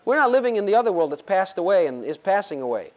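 Animated lo-fi preacher with lively pitch. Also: male voice, fast. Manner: animated, rhetorical questions, acts out Bible quotes. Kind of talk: sermon. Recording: dull lo-fi sermon recording.

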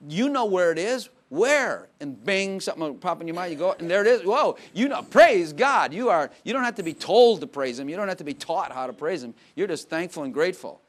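Guy preaching a sermon, kinda high voice, chatty, gets quiet then loud, laughs a lot. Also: lively intonation, fast talker, hardly any pauses. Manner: conversational preaching, swings from quiet asides to loud emphatic bursts, laughs often. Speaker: pastor.

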